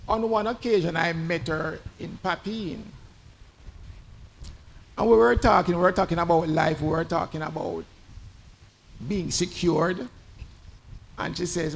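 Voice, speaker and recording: A man's voice: a little high, a little slow, vocal fry, long pauses, slight background noise. A man giving a conversational, storytelling eulogy at a funeral service in a church. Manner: conversational, animated in the anecdotes. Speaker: tribute speaker at a funeral.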